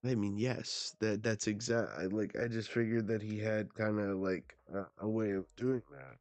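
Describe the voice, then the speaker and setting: A man hosting a casual live manga reading, excitable and stammering in his asides. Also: on the low side, normal speed, dry recording. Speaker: manga reaction host.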